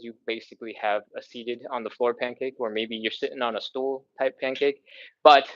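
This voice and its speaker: Through a muffled recording, a man guides viewers through a live stretching session, counting down each hold and sighing between counts while stretching and recovering his breath. His voice is mid-range with a fairly bright tone.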